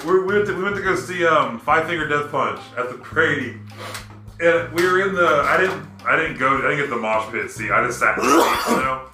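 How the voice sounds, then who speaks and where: Casual host, a man with a high bright voice, swears a lot and tells animated stories in an echoey room. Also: brisk. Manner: profane, animated storyteller. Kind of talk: casual chat.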